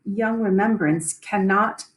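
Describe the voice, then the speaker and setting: A woman's voice: mid-range voice, echoey room, distant mic, natural voice. Woman reading a nobleman telling of a storm. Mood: ominous. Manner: measured verse reading. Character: nobleman describing a stormy night.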